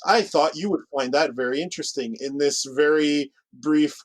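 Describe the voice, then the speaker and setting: Chatty podcast co-host, dry sound. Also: male voice, a little high, no echo, rough recording. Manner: chatty, rambling with restarts and quick asides. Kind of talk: casual chat.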